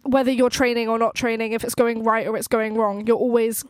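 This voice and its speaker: A young woman co-hosting a podcast, talking in a relaxed, chatty way full of "like" fillers and quick laughs. Her voice sits fairly high and the sound is close and dry. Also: no echo. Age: young adult. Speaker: podcast co-host, student-athlete. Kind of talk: casual chat. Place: university.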